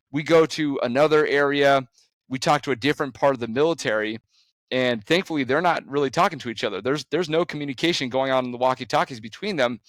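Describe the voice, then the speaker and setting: A man, a conservation photographer, recounting an adventure with animated storytelling and frequent restarts. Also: no echo. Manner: animated storytelling with sudden rises in pitch.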